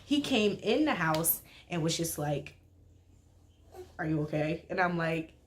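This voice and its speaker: A young woman telling a casual, animated story with lots of slang and filler "like"s. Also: lowish voice, a little slow, slight background noise. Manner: slangy, animated, heavy use of "like". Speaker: storytime vlogger.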